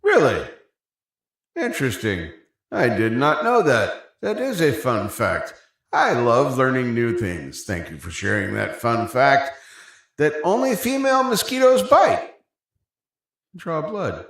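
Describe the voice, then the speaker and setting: A man's voice: mid-range voice, big pitch swings, a little slow, creaky, a bit bright, no room sound. A middle-aged man hosting a casual livestream from a room at home, rambling easily and thinking aloud. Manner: rambling, easygoing, thinks aloud with many restarts. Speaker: livestream host.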